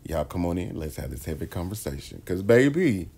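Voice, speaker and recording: This commentary-channel host has a low-pitched, creaky, warm voice with a slight roughness, talking quickly in a fairly even tone. His casual pop-culture chatter is sassy celebrity gossip, and he addresses viewers as "child" and "baby."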